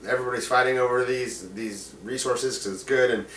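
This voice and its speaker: A man's voice: mid-range voice, steady tone, brisk, a bit bright. A man who is a game master, giving tabletop game tips in a rambling, enthusiastic way with many fillers. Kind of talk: casual instructional talk. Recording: echoey room, mic at a distance, faint noise.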